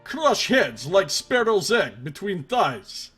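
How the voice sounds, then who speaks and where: A man putting on a mock Russian accent for a gruff, boastful warrior, speaking slowly. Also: high-pitched, very animated, fairly bright tone, faint music behind, voice pushed up, heavily acted.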